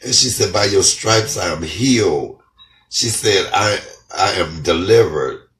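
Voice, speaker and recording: Fervent hoarse man, deep voice. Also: expressive, measured pace, a bit bright, slight background noise. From United States. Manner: fervent, repetitive, crying with joy. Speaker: comedian vlogger. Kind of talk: emotional testimony vlog. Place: his house, indoors. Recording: echoey room, off-mic.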